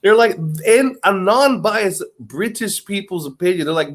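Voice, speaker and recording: A man in casual chat, telling stories in a lively way, swearing and laughing. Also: high voice, normal speed, hardly any pauses.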